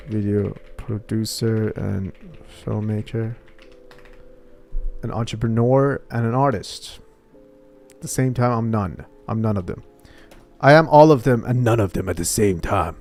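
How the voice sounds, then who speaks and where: A man's voice: fairly low pitch, measured pace, pauses often, a little mellow, faint music behind. A man vlogging and thinking aloud in a casual, hesitant way, often trailing off mid-thought.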